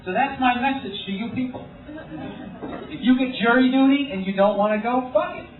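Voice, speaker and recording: A man's voice: very high-pitched, fairly quick, a little hiss or hum. A male stand-up comedian telling wry, profane stories in a live routine. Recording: distant, tinny, echoey live room with crowd.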